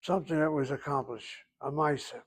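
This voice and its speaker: A man with a somewhat high-pitched voice leads a Hebrew grammar lesson in a classroom. He explains slowly and deliberately, lingering over pronunciations with a dry, self-assured tone. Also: breathy edge. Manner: slow, explaining, drawn-out pronunciations. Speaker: Hebrew teacher.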